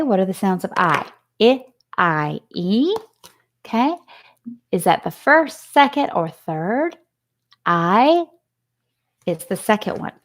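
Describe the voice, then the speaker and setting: A woman teacher giving a remote lesson to young children, patiently sounding out letters and words. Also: mid-range voice. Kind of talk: remote phonics and math lesson.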